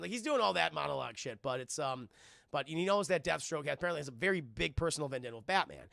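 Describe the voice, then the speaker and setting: A man reviewing a film on a live stream, talking to his chat in an animated, profane way. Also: fairly high pitch, fast talker, gravelly, no room sound, clean studio sound. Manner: animated, profane, laughs often, talks to chat.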